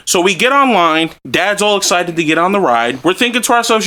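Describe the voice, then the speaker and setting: A young man hosting a podcast, telling a story in casual chat, animated and profane, often breaking into laughs. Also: high-pitched, brisk, few pauses. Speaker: podcast host.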